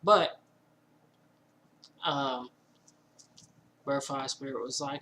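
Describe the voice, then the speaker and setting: A man with a bright, forward voice at a middle pitch tells a casual personal story indoors at home. He rambles, acts out what he and others said, and fills gaps with "you know" and "like". A faint hiss sits under the recording. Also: moderate pace, rough recording. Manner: rambling, animated retelling with many fillers and quoted asides. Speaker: vlogger telling a personal story.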